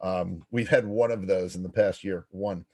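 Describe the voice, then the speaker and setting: A man's voice: low voice, fairly even intonation, moderate pace, dark tone, no echo. A man hosting a casual interview, laid-back and chatty, with lots of fillers and repeated words. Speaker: host and writing center director.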